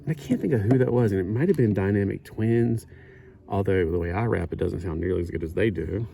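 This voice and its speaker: A man's voice: on the low side, brisk, gravelly, warm tone, slight background noise. A middle-aged man chatting casually while he builds a kit, rambling and correcting himself. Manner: rambling, self-correcting, chuckling asides. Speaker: hobby builder. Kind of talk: casual build-along chat.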